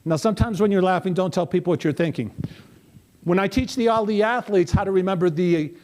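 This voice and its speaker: A middle-aged man giving a lively motivational talk, coaxing his audience through memory exercises. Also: high-pitched, a little fast. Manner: energetic, coaxing audience participation. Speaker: motivational speaker. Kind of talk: interactive memory workshop talk.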